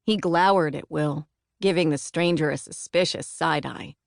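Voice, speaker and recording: A woman narrating a novel as an audiobook in an even, measured manner. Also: sits low, creaky, dry recording, studio quality. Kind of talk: scripted narration.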